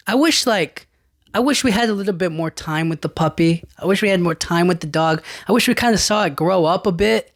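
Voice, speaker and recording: A young man talks through a film in a loose, rambling podcast monologue, full of filler words and exasperated asides. His voice sits a bit high for a man. The sound is close and dry. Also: lively intonation, a little fast, no echo. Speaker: podcast host. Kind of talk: casual movie review monologue.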